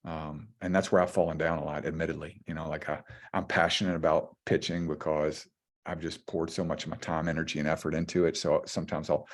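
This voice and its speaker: A man in his forties speaks with a very low voice in an earnest, heartfelt way. He often restarts his sentences while he shares thoughts as a podcast guest. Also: flat delivery, brisk. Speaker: podcast guest, former pitcher and high school coach. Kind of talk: casual conversation.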